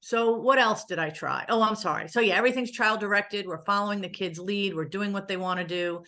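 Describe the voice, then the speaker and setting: A woman's voice: medium pitch, brisk, bright, forceful tone. A woman therapist giving a conference presentation in a conversational way, with joking asides and frequent "um" fillers.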